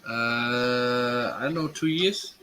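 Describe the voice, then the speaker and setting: Laid-back joking man, bright tone, video call. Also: medium pitch, slow pace, clear, resonant tone, rough recording. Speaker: participant in video hangout. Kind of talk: casual group chat.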